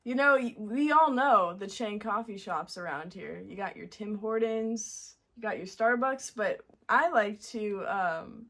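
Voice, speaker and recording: A woman's voice: mid-range voice, animated, measured pace, hardly any pauses, a bit bright. A young woman from Montreal, a guest, chatting casually and easily about her favorite cafes. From Montreal, Canada. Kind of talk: casual interview chat.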